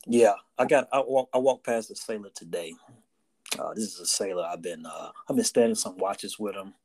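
A man's voice: lowish voice, normal speed, a little mellow. A man co-hosting a casual podcast chat, telling a story and often tagging lines with "right?" and "you know". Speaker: podcast co-host, Navy sailor.

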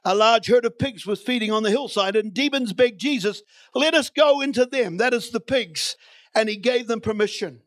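A man's voice: extremely high pitch, normal speed, a bit bright, no room sound. A man preaching a sermon in a church, reading scripture and building to emphatic, repeated declarations.

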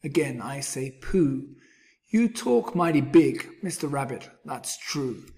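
Man voicing a gruff storybook bear, sneering, slow delivery. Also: medium pitch, animated, mellow. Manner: scornful, grumbling. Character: gruff big male bear, sulky and proud.

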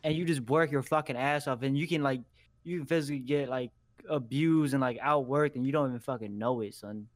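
A young man co-hosting a casual podcast, talking in an animated, slangy, profane way. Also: mid-range voice, fairly quick, no room sound, clean studio sound. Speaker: podcast co-host.

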